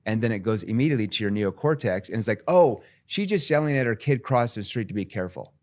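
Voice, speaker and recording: Animated low-voiced man acting out sales calls. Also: fast. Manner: animated, jumps into high-pitched role-play voices. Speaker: sales trainer, podcast guest. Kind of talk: energetic interview talk with acted sales calls.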